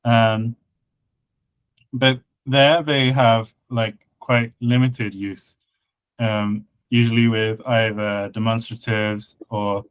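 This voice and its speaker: A man chatting casually on a podcast, explaining a constructed language, with many fillers and a patient, halting delivery. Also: on the low side, level tone, clear, resonant tone, low-quality recording. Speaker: conlang creator guest and co-host. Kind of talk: casual podcast chat about linguistics.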